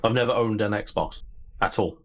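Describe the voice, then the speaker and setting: A man co-hosts a casual podcast, talking eagerly with a slightly low voice. His delivery is chatty and loose, with the odd swear word. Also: moderate pace. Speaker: podcast co-host. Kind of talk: casual chat.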